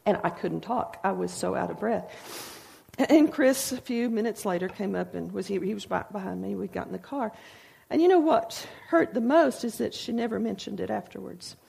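A woman's voice: mid-range voice, moderate pace, vocal fry, dark tone, breathy edge. An older woman giving an informal devotional talk, telling personal stories with folksy asides. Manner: folksy storytelling with frequent asides. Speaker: speaker sharing testimony.

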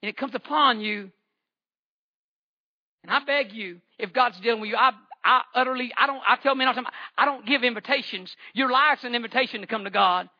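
A man's voice: very high voice, brisk, sharp tone, dull audio. A man, giving a fervent church testimony with repeated phrases and stammering restarts. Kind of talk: impassioned testimony sermon.

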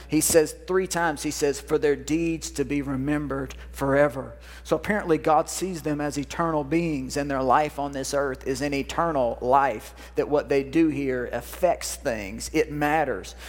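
A pastor preaching a sermon to his congregation, folksy and repetitive, calling for responses from the crowd. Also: on the high side. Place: church sanctuary. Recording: long reverb of a church hall.

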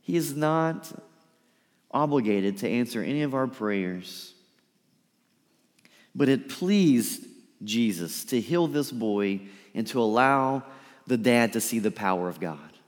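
A man preaching a sermon, lively and emphatic, sometimes dropping to a soft pleading voice to act out a quote. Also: mid-range voice, takes it slowly, pauses often. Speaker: pastor. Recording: reverberant hall.

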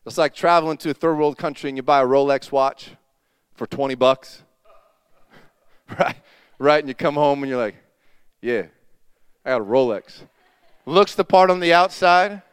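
Pastor guy preaching, high smooth voice, acts out the dialogue, dry close sound. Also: a little slow, pauses often, no room sound. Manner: animated storytelling, acting out dialogue. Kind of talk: sermon.

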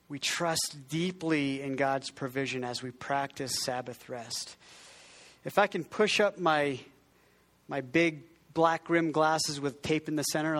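A man's voice: on the high side, fairly bright tone. A man preaching a conversational sermon as pastor, often restarting his sentences and joking about himself. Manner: conversational, self-deprecating, frequent restarts; has the congregation repeat words.

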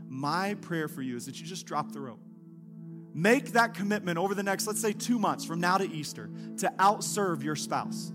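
High-voiced male pastor preaching. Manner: conversational preaching with acted-out quotes, softening to a hushed prayer. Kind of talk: sermon. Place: church sanctuary during a service.

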